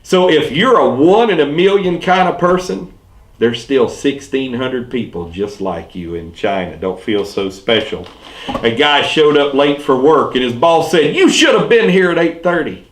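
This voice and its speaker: Southern US male pastor doing a light joke set, mid-pitched, quick delivery that drops low on punchlines, roomy echo. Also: animated. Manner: quick-switching joke telling, punchlines dropped low and quiet. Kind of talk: telling clean jokes and puns. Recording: echoey room.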